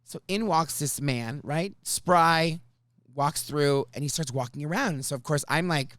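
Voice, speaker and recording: A podcast host telling a story in casual chat, animated and swearing often, acting out what people said. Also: male voice, on the high side, unhurried, no room sound, clean studio sound.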